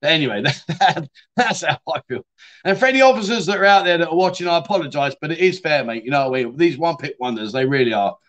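A man with a slightly high, expressive, somewhat bright voice talks fast while hosting a casual livestream. He reads out viewer comments and chats back, saying "mate" often and swearing now and then.

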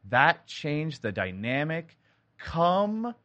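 A man's voice: fairly high pitch, slow pace, no echo, dull audio. A man from India, a sound designer, telling stories in a casual interview with many restarts. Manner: animated storytelling with many likes and restarts.

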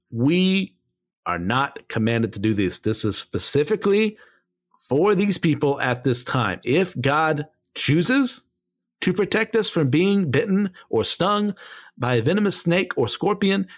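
A man's voice: mid-range voice, sing-song, unhurried. A man giving casual Bible commentary, blunt and opinionated, who drifts off on tangents and pulls himself back. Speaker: Bible study teacher.

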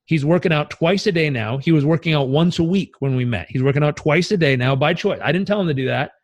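A man coaching as a podcast guest, telling stories in an energetic, emphatic and casually profane way. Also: a little high, fast talker, muffled recording. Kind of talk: podcast interview storytelling.

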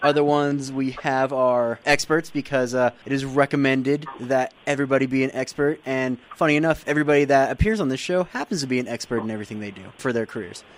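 A man's voice: medium pitch, fast talker, few pauses. A man co-hosting a radio show, joking and rambling with a lot of fillers. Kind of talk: playful radio show banter.

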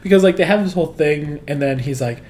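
Man, co-host, somewhat high-pitched, casual recap chat, laughs a lot, acts out lines. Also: fast, a little hiss or hum. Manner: animated, laughs often and acts out characters' lines. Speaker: podcast co-host.

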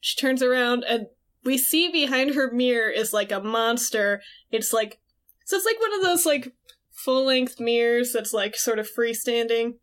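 A woman co-hosting a casual chat show, retelling scenes with lively, expressive delivery. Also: fairly high pitch, moderate pace. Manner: animated storyteller, acts out quoted lines. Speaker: podcast co-host.

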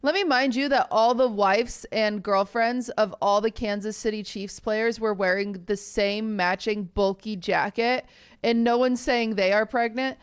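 A woman's voice: unhurried, smooth. A young woman co-hosting a podcast, telling stories in casual chat and acting out the people in them. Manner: animated storyteller, acts out quotes in high voices. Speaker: podcast co-host.

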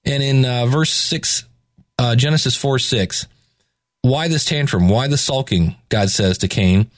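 A man's voice: mid-range voice, measured pace, dry recording, studio quality. A middle-aged man giving a casual Bible reflection, talking loosely with restarts and hesitations and retelling scripture in everyday speech. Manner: conversational, rambling with restarts and hesitations.

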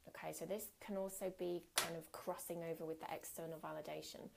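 A woman's voice: low voice, level tone, a little fast, gravelly, very noisy. A woman giving a candid, earnest workshop talk as a coach, speaking conversationally with occasional fillers.

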